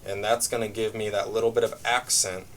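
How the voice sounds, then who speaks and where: A man teaching a brush drumming lesson, explaining patterns step by step in a relaxed way with frequent fillers. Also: fairly low pitch, fairly quick, slight background noise. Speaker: music teacher. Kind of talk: drum lesson demonstration.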